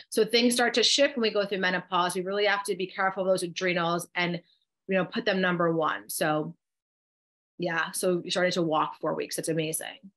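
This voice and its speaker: A middle-aged woman with a New Jersey accent and a fairly low, fairly bright voice co-hosts a live online workshop as a coach. She reads out chat comments and guides the group step by step through breathing exercises.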